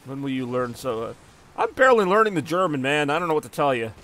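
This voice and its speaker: A man's voice: on the high side, sing-song, fast, fairly bright tone, soft background music. A man live-streaming a car soccer game, chatting casually with viewers in a rambling, jokey way. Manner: rambling and jokey, answering chat between plays.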